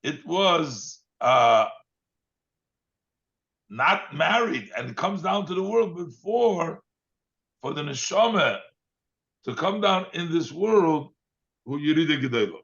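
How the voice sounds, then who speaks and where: A man, a rabbi, giving a text study lesson, reading Hebrew phrases aloud and then explaining them in English with frequent pauses and fillers. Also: a little high, a bit bright, highs cut off. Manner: reads Hebrew lines then translates, with fillers.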